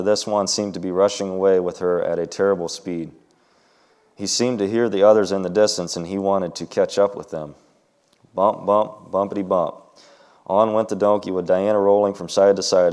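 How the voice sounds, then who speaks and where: Deep-voiced man reading a story aloud. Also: a little mellow. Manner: hesitant, with many ums and restarts. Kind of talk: reading a story aloud, then informal Bible talk.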